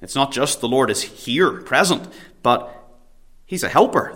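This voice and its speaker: A man's voice: medium pitch, animated, a little slow, a bit bright. A pastor preaching at a church prayer meeting, earnest, reading scripture in old King James wording and often repeating a word as he starts a phrase. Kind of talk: sermon.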